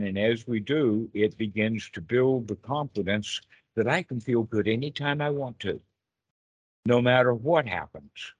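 A man with a slightly husky, mid-pitched voice leads a dharma talk over a group call. He explains patiently and earnestly, drawing out the words he wants to stress. The sound is close and dry. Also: no room sound. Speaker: Buddhist teacher.

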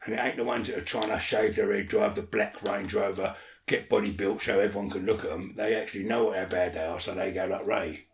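A man's voice: fairly low pitch, steady tone, brisk, reverberant, slight background noise. A man talking as an interview guest in casual chat, blunt and swearing a lot, often checking that the listener follows.

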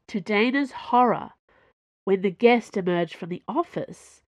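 A woman narrating a storybook in an even, measured reading. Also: fairly low pitch, creaky, no echo. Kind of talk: audiobook narration.

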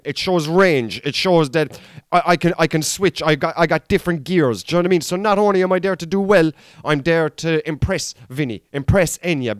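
An Irish comedian in his thirties, who also hosts a podcast, delivers a candid, rambling storytelling monologue full of swearing. His voice is fairly high, and the clean studio recording has no echo.

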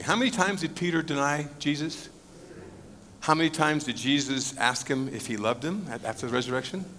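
A man's voice: medium pitch, fairly bright tone. A male pastor preaching an expository Bible sermon to a congregation in a conversational way, asking the audience questions and joking in asides. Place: church sanctuary with a live audience. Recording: long reverb of a church hall.

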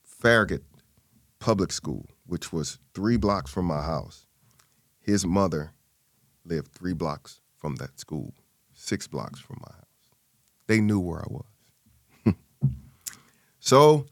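With studio-quality audio and no room sound, a man shares a personal family story as an interview guest. He's animated, imitating the people he quotes through big shifts in pitch.

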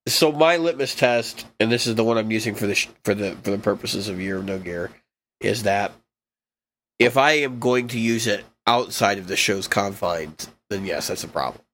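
A man's voice: on the low side, normal speed, a bit bright, a little hiss or hum. Wry teasing man in podcast chat. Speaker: podcast co-host. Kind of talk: casual chat.

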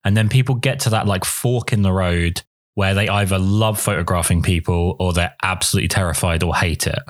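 A man's voice: deep voice, fairly even intonation, brisk, dry recording, studio quality. A man hosting a podcast, asking questions in a chatty, self-deprecating way. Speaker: podcast host. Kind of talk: casual interview chat.

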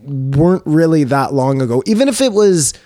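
A man's voice: on the high side, animated, normal speed, dark tone, no room sound, studio quality. A man co-hosting a podcast, talking bluntly and wryly with some swearing. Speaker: podcast co-host. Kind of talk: casual chat.

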